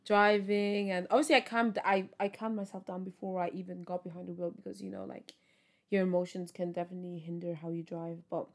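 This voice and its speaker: Tired, chatty young woman. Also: on the low side. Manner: chatty, upbeat, lots of fillers. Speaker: podcast host. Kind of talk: casual solo podcast chat.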